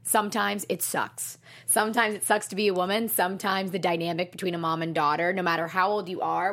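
A woman co-hosting a casual chat about a TV show, emphatic and expressive, acting out quotes in a jumped-up voice. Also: on the low side, fast talker. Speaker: podcast co-host.

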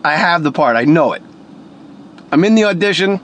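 A man's voice: on the high side, animated, moderate pace, a bit bright, a little hiss or hum. A man telling a story in an emphatic, profane, casual way, a voice actor by trade.

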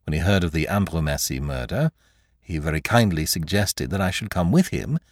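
Soft-spoken, exceedingly polite teenage amateur detective, read by a man; low, lively delivery. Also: brisk, dry recording, studio quality. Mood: cheerful. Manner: soft, infinitely polite, gently teasing. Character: polite, clever teenage schoolboy sleuth.

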